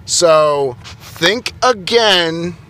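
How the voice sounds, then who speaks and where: Young guy going off in a heated vlog rant, sharp bright voice, kinda flustered. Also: on the high side, expressive, very slow. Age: young adult. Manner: exasperated, flustered, stumbling over his words. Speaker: IT technician ranting on camera.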